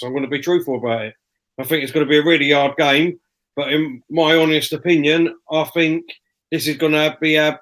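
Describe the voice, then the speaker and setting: A man's voice: a little high, a bit bright, rough recording. A man speaking as a podcast guest, earnestly giving his frank, rambling take on his team. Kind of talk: casual football opinion.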